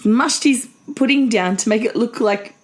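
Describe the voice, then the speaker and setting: A woman's voice: a little high, normal speed. A woman co-hosting a podcast, bantering crudely and laughing often. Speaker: podcast co-host. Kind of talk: casual chat.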